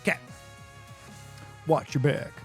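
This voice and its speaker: A man streaming a game in casual chat with a hoarse, partly lost voice. He rambles and talks excitably, and he pokes fun at himself. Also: slow. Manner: rambling, excitable, self-deprecating. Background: game music.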